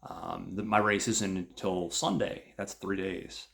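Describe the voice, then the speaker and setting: A man's voice: deep voice, steady tone, a little slow, creaky, fairly bright tone, exaggerated voice. A man voicing a cocky young male runner and ladies' man who talks in a pushy, confident way. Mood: insistent.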